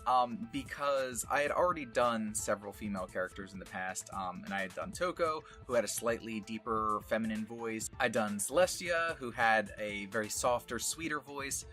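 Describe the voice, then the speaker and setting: A man's voice: lowish voice, lively intonation, moderate pace, hardly any pauses, sharp tone, faint music behind. A man voice actor talking casually about his past roles, rambling with many fillers and small laughs. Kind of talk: casual retrospective talk.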